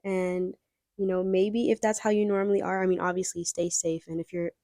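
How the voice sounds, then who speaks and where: A woman's voice: mid-range voice, flat delivery, brisk, mellow, no room sound, clean studio sound. A young woman giving a casual pick-a-card tarot reading, chatty and rambling as she talks straight to her viewers. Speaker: tarot reader.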